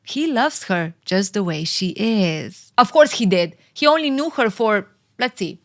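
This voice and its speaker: A woman's voice: mid-range voice, lively intonation, unhurried. Sarcastic woman recapping a movie. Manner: sarcastic, teasing, laughs often. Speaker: vlogger.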